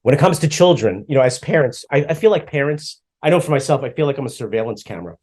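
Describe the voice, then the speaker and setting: A middle-aged man co-hosting a podcast, chatting casually and telling stories with lively acted-out asides. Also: mid-range voice, fast talker, breathy edge. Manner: animated storyteller, acts out his own past lines. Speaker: podcast co-host. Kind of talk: casual chat.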